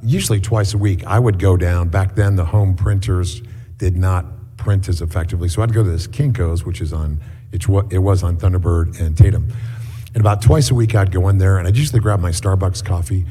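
Deep husky man preaching in an echoey hall. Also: fairly quick, dark tone. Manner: conversational storytelling with many fillers. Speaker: guest preacher. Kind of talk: sermon. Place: church hall.

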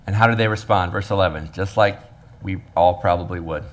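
A man's voice: sits low, a little fast. A man, a pastor preaching a sermon and acting out the workers with humor. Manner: animated, acts out the workers' voices with humor.

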